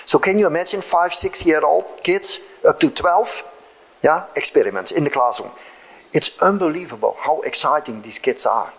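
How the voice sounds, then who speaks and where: A man's voice: on the high side, moderate pace, creaky. An older man from the Netherlands with a Dutch accent, a guest scientist talking to an audience in a university hall, emphatic and persuasive, with lots of "you know" and "eh?" tags. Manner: lively, peppers speech with "you know", "eh?" and "yeah?" tags. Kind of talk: conversational public talk.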